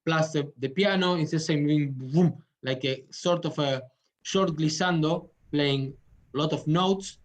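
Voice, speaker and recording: A man teaching a tango music lesson. He pauses often to find his words and sings rhythm patterns out loud with syllables. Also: a little high. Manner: halting, searching for words. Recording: dull lo-fi sound.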